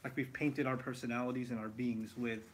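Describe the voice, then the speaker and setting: A man teaches the Quran in a live Q&A lesson, explaining with lively asides and rhetorical questions. He speaks a little fast at medium pitch, with a little hiss or hum.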